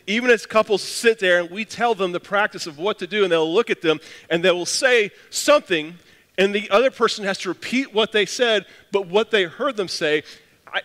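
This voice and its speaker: A man's voice: sits high, normal speed, fairly bright tone, long reverb tail. A man preaching a casual, conversational sermon as pastor, self-deprecating and telling stories with frequent restarts.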